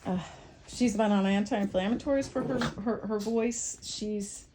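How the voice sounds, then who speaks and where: A woman's voice: medium pitch, a little slow, noisy background. A young woman giving a pet sitter casual, rambling instructions in her home kitchen, full of fillers and restarts. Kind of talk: casual home video walkthrough.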